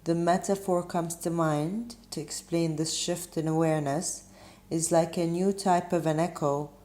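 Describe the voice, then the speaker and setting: A woman giving a spiritual tarot reading, musing gently and pausing often with ums as she talks. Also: fairly low pitch, steady tone, reverberant. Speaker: tarot reader.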